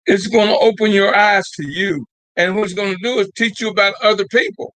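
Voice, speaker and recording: An older man hosts a casual live call-in talk show, exhorting his listeners and repeating himself, with a folksy drawl and plenty of "y'all." His high voice is bright and forceful, delivered a little fast. The recording is dry and close with no room sound, but the audio quality is poor.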